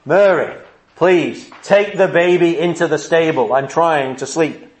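A man playing an irritable householder who complains and pleads for peace and quiet. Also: a little high, a little slow, natural voice. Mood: exasperated. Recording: roomy echo.

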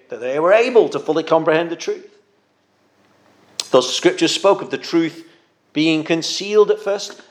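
A man preaching a sermon in an earnest, gentle pastoral manner, sometimes repeating a word as he goes. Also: fairly high pitch.

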